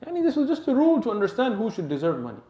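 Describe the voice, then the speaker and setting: A man's voice: wildly swooping pitch, very fast, muffled recording. A man preaching a sermon, telling a story dramatically and sprinkling Arabic religious terms into his English. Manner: dramatic, acts out the story's voices and drops soft and low at emotional moments. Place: mosque hall. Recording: echoey mosque hall.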